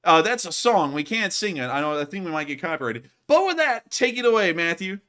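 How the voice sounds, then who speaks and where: A man hosts a casual livestream. His voice sits a little high and sounds bright and forceful. He tells stories in an animated way and keeps saying y'all. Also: a little fast, clean tone. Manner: animated storyteller, says y'all. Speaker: host of a war news livestream.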